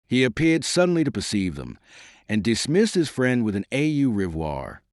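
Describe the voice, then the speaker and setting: Male audiobook narrator with a lively lilt. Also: medium pitch, moderate pace, no room sound, clean studio sound.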